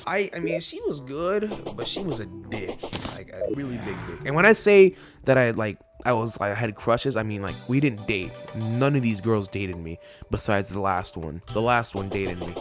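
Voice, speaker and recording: Lively young man rambling over loud game music. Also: on the low side, moderate pace, few pauses. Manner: rambling, laughing, swears freely. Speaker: gaming channel host. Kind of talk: casual storytelling over gameplay.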